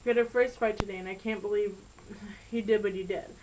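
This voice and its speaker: A touchy teenage girl with a tendency to hesitate, as a woman reads her in a homemade storybook recording. The pitch is ordinary. She sounds easily hurt. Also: steady tone, fairly quick, darkish tone, a little hiss or hum, close to an everyday voice, low-quality recording.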